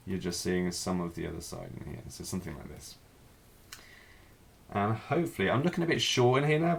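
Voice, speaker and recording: A low-pitched man runs a live figure drawing class, casually walking through each stroke as he draws it and thinking out loud.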